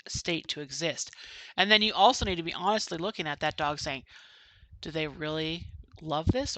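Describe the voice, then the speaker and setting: A woman's voice: lowish voice, pushed and bright, no room sound, poor audio. A woman dog trainer giving casual advice to dog owners, talking emphatically and asking rhetorical questions.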